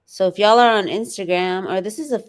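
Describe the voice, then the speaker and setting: A woman's voice: medium pitch, brisk. A woman co-hosting a casual livestream, chatty and addressing viewers as y'all while reading filings aloud. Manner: chatty, says y'all, reads letters aloud.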